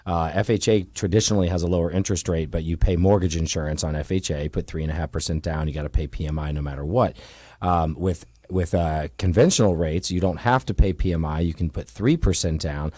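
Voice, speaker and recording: A man's voice: low voice, a little fast, dark tone, no room sound. A man who runs a mortgage company, speaking as a guest in a radio studio in an easygoing way, often repeating words as he starts. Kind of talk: casual radio interview.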